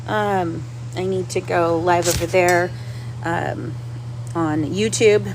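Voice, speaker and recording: A woman's voice: fairly low pitch, steady tone, slow, noisy background. A woman hosting a casual livestream. She talks straight to the viewers in the chat, repeats herself a lot and sounds upset and restless. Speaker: livestream host.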